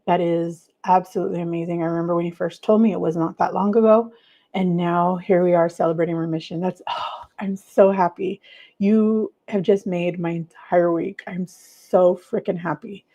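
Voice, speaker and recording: A woman's voice: on the low side, steady tone, normal speed, warm tone, highs cut off. Chatty woman hosting a livestream. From United States. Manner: chatty, gushing, many fillers, reads viewer comments aloud. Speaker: livestream host. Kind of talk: casual livestream chat.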